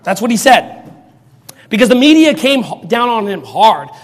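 A man preaching in a mocking, sarcastic rant, now and then bursting into shouts. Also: sits high, very animated, moderate pace. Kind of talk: ranting commentary. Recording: long reverb.

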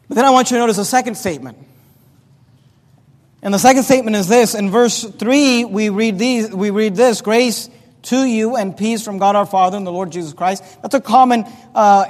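A man preaches from the pulpit with a high voice, pressing his points with sudden rises in pitch and volume. His words carry a long reverb through the church sanctuary. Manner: emphatic preaching with swings in loudness and pitch. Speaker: pastor. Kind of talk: sermon.

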